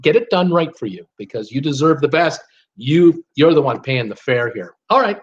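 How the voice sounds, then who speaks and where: A man's voice: on the high side, big pitch swings, normal speed, slightly rough, highs cut off. An older man hosting a live cruise talk, giving blunt, fired-up advice in a ranting manner. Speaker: cruise vlogger host.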